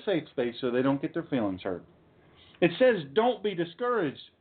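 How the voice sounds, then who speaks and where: A man preaches a fiery sermon in a high voice that swings widely in pitch. He drives his points home with emphatic pauses. The recording is thin and tinny. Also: huge pitch swings. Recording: tinny phone-like sound.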